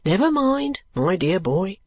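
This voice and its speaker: Man doing an excitable eccentric clerk, high squeaky lifts, stammering, fluttering, dry close sound. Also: a little slow, dry recording, heavily acted. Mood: exultant. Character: excitable middle-aged male clerk, eccentric. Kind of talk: audiobook character voice.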